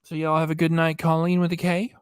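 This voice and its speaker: A man's voice: a little high, monotone, fairly quick, smooth, no echo, studio quality. A man hosting a casual late-night livestream chat, reading viewer comments aloud into a desk microphone and answering them in a folksy, joking way. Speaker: livestream host.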